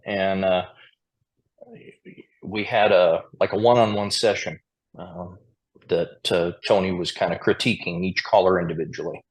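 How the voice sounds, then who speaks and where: With a deep voice and fairly even intonation, this Montana square dance caller speaks a little slowly and pauses often. He's a podcast guest in a relaxed interview, telling chatty stories and chuckling occasionally.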